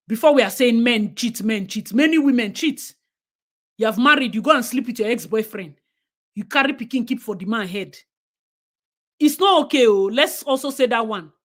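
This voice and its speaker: Young Nigerian woman, livestream host, slightly high voice, blunt and outspoken. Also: lively intonation, moderate pace, a bit bright. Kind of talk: casual livestream commentary.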